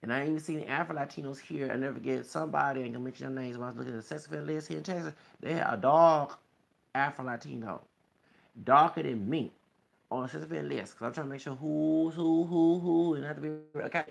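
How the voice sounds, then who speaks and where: Fast-talking and gravelly, with a fairly high pitch, a Texas vlogger rants to camera in a heated, meandering monologue, pushing each point with an insistent, repeated "okay?"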